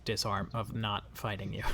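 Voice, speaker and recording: A man's voice: fairly low pitch, level tone, a little slow, a little mellow. Man game master, casual and chatty, laughing often, faint background hiss. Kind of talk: narrating a tabletop game.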